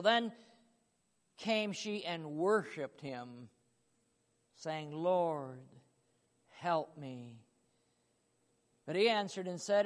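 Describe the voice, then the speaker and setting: A man's voice: high voice, unhurried. A man preaching a sermon, emphatic and acting out voices, with a chuckle now and then. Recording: long hall reverb.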